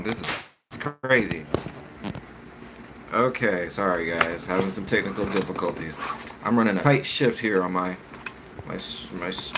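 A man's voice: on the low side, background noise. A man hosting a casual live stream, chatting with viewers and reading articles aloud with stumbles and self-corrections.

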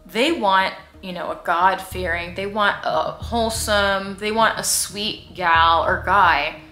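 Woman vlogger, chatty and sarcastic storyteller; bright tone, roomy echo. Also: mid-range voice, takes it slowly, soft background music. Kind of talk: casual storytime vlog.

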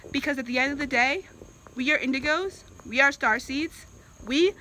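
A woman's voice: fairly high pitch, sharp tone, a little hiss or hum, poor audio. A woman from Virginia ranting in a vlog, exasperated and emphatic, repeating herself for emphasis. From Virginia, USA. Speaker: vlogger. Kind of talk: impassioned opinion rant.

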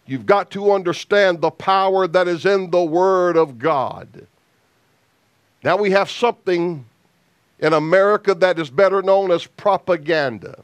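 A man preaching a sermon as an evangelist, slow and emphatic with deliberate pauses. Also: sits high, clear, resonant tone, no echo.

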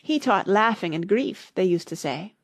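Woman doing a sad sighing turtle guy, weepy and self-pitying, high and a bit creaky, storybook voice. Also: lively intonation, moderate pace, no room sound. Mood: mournful. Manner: mournful, sighing delivery.

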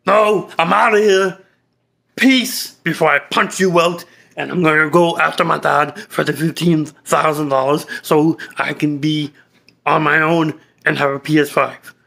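Brief: man as a short-fused, crude young guy, gravelly and bright, slow drawl. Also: a little high, steady tone, full character voice. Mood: defiant. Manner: cursing, insulting, short-tempered. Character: angry young man, crude, hot-tempered. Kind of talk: comedy skit.

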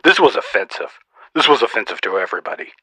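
A man's voice: fairly low pitch, big pitch swings, fast talker, pushed and bright, husky, no room sound, full character voice. A man voicing a boastful, snarky old male Santa Claus, roasting people in a mock-stern way for a comedy podcast sketch.

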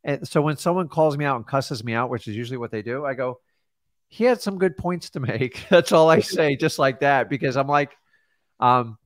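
A man coaching in casual talk, telling animated stories and acting out what people said. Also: medium pitch, a little fast, dry recording, studio quality. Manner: animated storyteller acting out quotes. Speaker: real estate coach. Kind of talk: casual mentoring advice.

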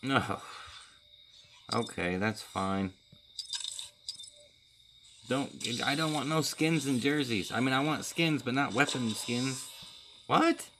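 Slow-talking man narrating his gameplay. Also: mid-range voice, over music, poor audio. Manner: chatty, talks to himself while playing. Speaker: gaming video creator. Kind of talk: casual gameplay commentary.

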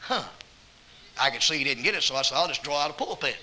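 A Southern-accented male evangelist preaches in a church, his voice bright and cutting. His pitch swings widely as he tells folksy stories and bursts into loud emphasis. He sits a little high for a man. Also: expressive, fast, poor audio. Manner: folksy anecdotes, quoting himself and others, bursts of loud emphasis. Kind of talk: sermon with storytelling. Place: church auditorium.

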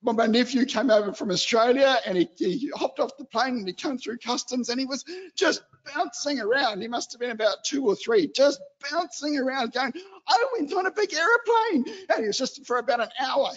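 Man, lay preacher, very high voice, chatty, animated, church hall, muffled lo-fi sound. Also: moderate pace. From New Zealand. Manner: chatty and animated, acts out excited children. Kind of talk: church exhortation.

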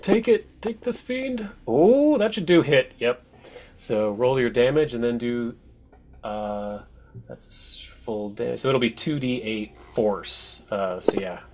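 A man's voice: medium pitch, animated, takes it slowly, a little mellow. This is a man acting as game master in an online tabletop session, talking into a home microphone. His voice sits in a middle register, and he explains rules in a matter-of-fact way, then reacts with sudden exclamations when the dice come up big.

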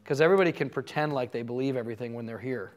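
A man's voice: medium pitch, rapid-fire. A man giving a conversational teaching talk to a live audience, telling stories in an earnest way. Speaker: conference speaker.

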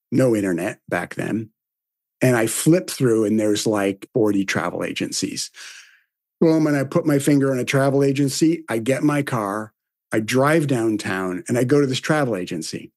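A man's voice: medium pitch, no echo, clean studio sound. A man, telling personal stories on a podcast and acting out the dialogue in them. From American South. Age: 60s. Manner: animated storyteller, acts out quoted dialogue. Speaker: podcast speaker. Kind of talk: storytelling reflection.

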